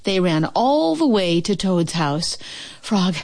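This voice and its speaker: A woman reading a children's storybook aloud in a gentle, expressive way. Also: fairly low pitch, a little slow, vocal fry. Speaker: narrator.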